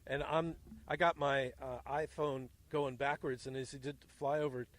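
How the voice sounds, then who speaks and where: A man hosting a field interview outdoors at a small airfield, telling animated, jokey stories into a handheld mic. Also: mid-range voice, normal speed. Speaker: host.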